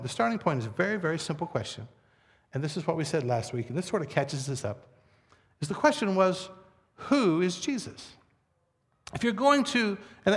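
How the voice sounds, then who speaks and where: A man's voice: high-pitched, creaky. A man preaching a sermon to his congregation in a church, conversational and joking with the room. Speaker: pastor. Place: church sanctuary. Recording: long reverb of a large hall.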